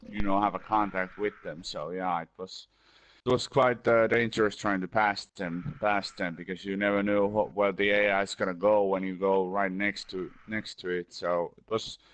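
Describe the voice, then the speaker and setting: A man's voice: on the low side, fairly bright tone, poor audio. A man, a sim-racing driver, answering questions about his race in a casual post-race interview, hesitant and restarting his words.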